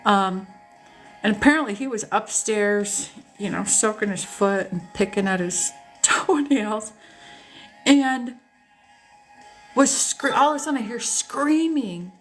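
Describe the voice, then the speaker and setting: A woman hosting a casual live stream, telling personal stories to her viewers in an animated, candid way and swearing freely. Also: fairly high pitch, a little slow, faint music behind. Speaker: host. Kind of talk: casual storytelling chat to a live audience.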